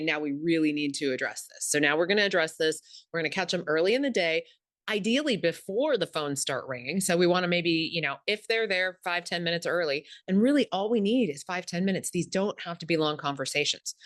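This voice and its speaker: A woman's voice: on the low side, fairly quick, no echo, studio quality. A woman speaking as a communication expert in an interview, explaining step by step and acting out bits of example dialogue. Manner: animated, acts out example dialogue.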